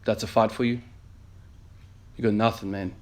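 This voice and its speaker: A man's voice: lowish voice, level tone, normal speed, a little mellow. A man in his thirties, an emergency nurse, earnestly telling a story in a motivational vlog with many fillers. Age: 30s.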